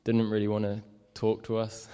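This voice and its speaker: A man's voice: lowish voice, completely flat delivery, moderate pace, warm tone, clear, resonant tone. Rambling young man in echoey hall. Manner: rambling, many fillers and likes. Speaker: street evangelist. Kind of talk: casual storytelling.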